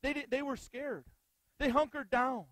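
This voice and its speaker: A man's voice: extremely high pitch, steady tone, moderate pace, a bit bright, no echo, poor audio. A male pastor preaching an earnest sermon, often putting rhetorical questions to the congregation.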